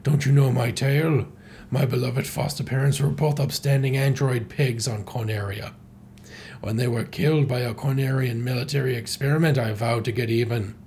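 A man voicing a smug, vengeful male ape villain in a comic, speaking slowly and menacingly. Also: medium pitch, darkish tone, slight background noise, natural voice. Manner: slow, drawn-out, menacing delivery.

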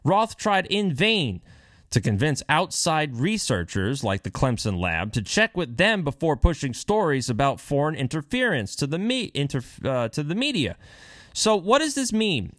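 A man's voice: a little high, sing-song, normal speed, fairly bright tone, no echo, clean studio sound. A man giving heated, sarcastic political commentary while reading and remarking on news.

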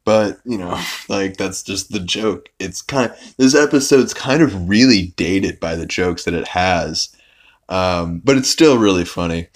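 A young man with a low voice recaps a podcast episode at an unhurried pace. As host, he rambles casually, full of fillers and restarts.

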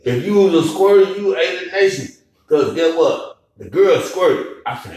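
A man telling a crude story to friends in casual chat, animated and loud at times. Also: sits high, normal speed. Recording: echoey room, distant mic.

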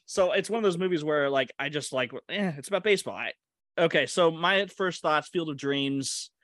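Chatty, higher-voiced man co-host. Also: normal speed, fairly bright tone, no room sound, clean studio sound. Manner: chatty and hesitant, with frequent restarts and laughs. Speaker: podcast co-host. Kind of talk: casual movie-discussion chat.

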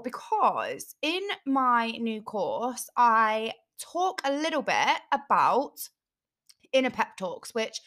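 Young girl podcasting, bright voice, giggly and self-mocking. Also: fairly high pitch. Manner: chatty, self-mocking, laughs often. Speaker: podcast host. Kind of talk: casual chat.

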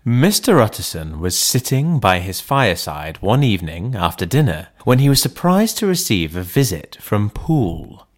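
A man narrating an audiobook in a measured, deliberate reading voice. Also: fairly low pitch, very animated. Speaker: audiobook reader. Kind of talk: scripted narration.

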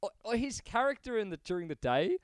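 A man's voice: sits high, brisk, clear, resonant tone, no echo. A man telling an exasperated work story in casual podcast chat, swearing freely and acting out what others said. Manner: animated, exasperated storyteller who swears and acts out quotes.

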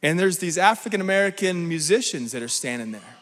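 A man preaching a sermon, animated and often checking in with the crowd. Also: high-pitched, brisk. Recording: long hall reverb.

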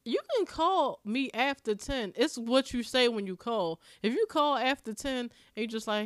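A woman's voice: fairly high pitch, expressive, normal speed, few pauses, no echo, studio quality. A young woman from Maryland co-hosting a podcast, chatting casually and bluntly, telling stories and cursing freely. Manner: blunt, storytelling, curses freely. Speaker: podcast co-host. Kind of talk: casual chat.

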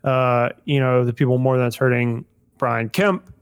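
A man's voice: mid-range voice, flat delivery, normal speed, clear, resonant tone. A man hosting a casual podcast chat, rambling with lots of fillers and swearing. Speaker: podcast host.

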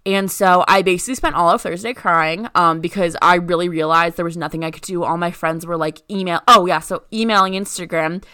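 A young woman co-hosting a podcast tells a rambling story in casual chat, packing it with "like." Her voice is on the low side, bright, forceful, and clean. The studio sound is clean, with no room sound at all.

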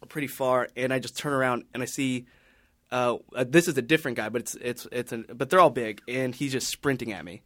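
Male podcast panelist, mid-pitch, casual rambling storyteller, dry sound. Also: brisk, fairly bright tone, no room sound. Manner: rambling, many restarts and fillers.

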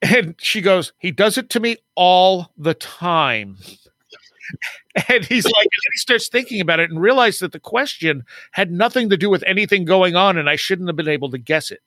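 Chatty man with a bright voice. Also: high-pitched, expressive, moderate pace, no room sound. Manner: chatty, acts out quoted dialogue, frequent laughs. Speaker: podcast guest, author and paranormal researcher. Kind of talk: casual storytelling interview.

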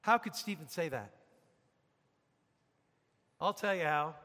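A man preaching a sermon as pastor, emphatic, dropping to a hush and rising to loud peaks. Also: fairly high pitch, expressive, takes it slowly. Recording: long reverb of a large hall.

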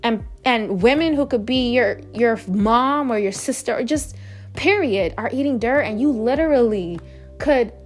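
A woman's voice: fairly high pitch, unhurried, faint music behind. A woman host telling a personal story in a candid, chatty way, with frequent swearing. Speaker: podcast host. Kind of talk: casual storytelling monologue.

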